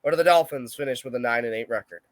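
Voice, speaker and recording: A man's voice: mid-range voice, rapid-fire, no room sound. A young man co-hosting a casual sports podcast, brash and opinionated, trash-talking teams with blunt certainty. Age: young adult. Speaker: podcast co-host.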